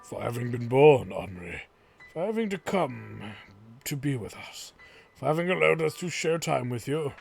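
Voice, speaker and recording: A gentle immortal wanderer speaking low and kindly, with a gravelly, slightly creaky edge , as a man reads him aloud. Quiet music drifts in the background. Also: very animated, normal speed. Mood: tender. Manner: quiet, soft and kind.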